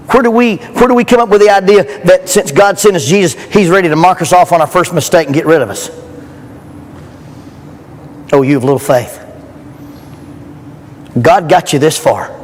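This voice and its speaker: Man preaching, fairly high voice, earnest, emphatic, long church reverb, faint noise. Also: a little mellow. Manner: earnest, emphatic, with rhetorical questions. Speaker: speaker at a youth rally. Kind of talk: sermon.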